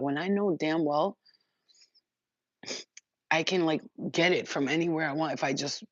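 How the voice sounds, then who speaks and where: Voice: medium pitch, measured pace, pauses often, no room sound. A spiritual livestream host in casual, profane chat who often acts out other people's voices. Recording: dull lo-fi dry sound.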